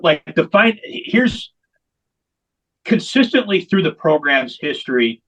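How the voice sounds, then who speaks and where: Higher-voiced man telling his story. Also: big pitch swings, takes it slowly, fairly bright tone, low-quality recording. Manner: candid, emphatic repetition for stress. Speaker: founder of a veterans hockey program. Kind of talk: long-form interview storytelling.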